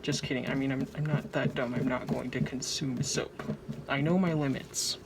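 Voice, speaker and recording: A woman's voice: very deep voice, steady tone, normal speed, gravelly. A woman narrating her own craft project in a casual vlog, anxious, dramatic and joking at her own expense. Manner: anxious, dramatic, self-mocking. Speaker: vlogger. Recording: noisy home recording.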